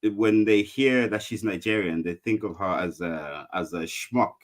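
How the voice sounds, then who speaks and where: A man on a podcast panel, talking in a halting way with many restarts. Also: fairly low pitch. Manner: halting, lots of restarts and fillers. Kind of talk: casual podcast chat.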